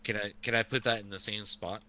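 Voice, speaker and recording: A man playing a tabletop game online, asking eager quick questions. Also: on the low side, fairly even intonation, sharp tone, low-quality recording. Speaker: player. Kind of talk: casual tabletop play. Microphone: online call.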